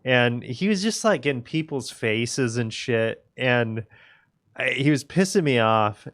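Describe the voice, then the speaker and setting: Casting note: male podcast co-host, mid-pitched, profane and laughing storyteller. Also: animated, slow pace, fairly bright tone. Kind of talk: casual chat.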